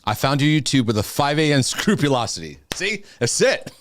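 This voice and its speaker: A man's voice: medium pitch, very animated, brisk, a little hiss or hum. A man hosting a live-streamed Q&A, chatting casually with viewers, laughing often and restarting his sentences. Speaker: host of a live Q&A.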